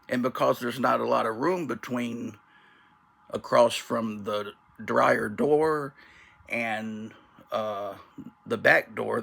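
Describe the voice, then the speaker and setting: Gravelly, slow-talking man hosting a vlog. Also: medium pitch, fairly bright tone. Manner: rambling, self-mocking storyteller who laughs at his own jokes. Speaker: channel host. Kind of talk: casual comedic vlog. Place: his bedroom.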